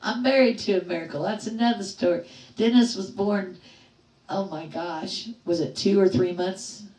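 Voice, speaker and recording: Middle-aged woman host, chatty livestream storyteller, lively quoted voices, echoey room, mic at a distance. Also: mid-range voice, moderate pace. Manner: animated storyteller acting out quoted voices, laughing often. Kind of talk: casual storytelling to live chat.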